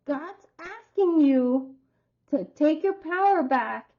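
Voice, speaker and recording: A high-pitched woman talks her viewers through a tarot reading at an unhurried pace. She rambles in a chatty way and acts out her stories with feeling. The sound is a little dull and lo-fi. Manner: chatty, rambling, expressive storytelling. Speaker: tarot reader.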